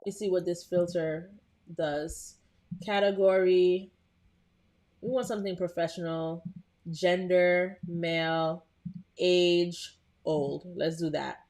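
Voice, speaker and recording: A young woman walks viewers through a screen-share tutorial in a relaxed, conversational way. Her voice sits a little low, and she often restarts a phrase or pauses with an um. She speaks straight to the people watching live. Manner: chatty, talks to live viewers, frequent "um" and restarts.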